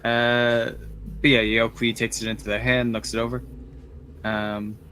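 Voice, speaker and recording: A man's voice: medium pitch, little pitch movement, measured pace, pushed and bright, slight background noise. Hesitant man playing a tabletop game. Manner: hesitant, many filler sounds. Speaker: player.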